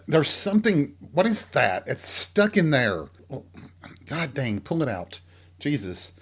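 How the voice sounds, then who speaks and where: A man's voice: a little high, expressive, slow, breathy edge. A middle-aged man with a Southern accent hosting a casual podcast monologue at home while getting dressed, bawdy, rambling and self-mocking. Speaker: podcast host.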